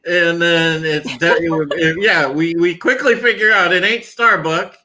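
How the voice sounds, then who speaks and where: Slow bright-voiced male podcast host. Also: fairly high pitch, fairly even intonation, poor audio. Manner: laid-back, drawling, lots of fillers and laughs. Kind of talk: casual panel chat.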